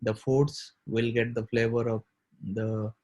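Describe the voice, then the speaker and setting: An Indian-accented man practices English conversation with a tutor over a video call. He talks in a halting way, repeating words while searching for vocabulary. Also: mid-range voice, level tone, mellow, poor audio. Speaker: English learner.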